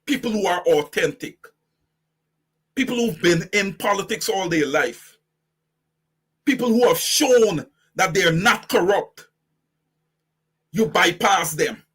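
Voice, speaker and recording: Fiery husky Guyanese man, high-pitched. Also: animated, slow, pauses often, a bit bright. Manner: preachy, fiery, direct address to audience. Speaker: host. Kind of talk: impassioned political commentary.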